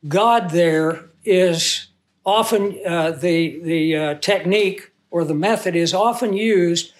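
A man preaching a Bible teaching sermon in a conversational way, asking the audience questions and reading scripture slowly with emphasis. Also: high voice. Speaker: pastor.

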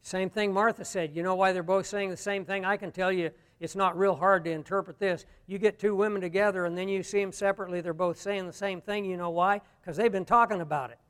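A pastor preaching a sermon, dropping to a hush and then rising to loud emphatic lines. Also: male voice, high voice, fairly even intonation, fast talker, hardly any pauses, smooth. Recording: long hall reverb.

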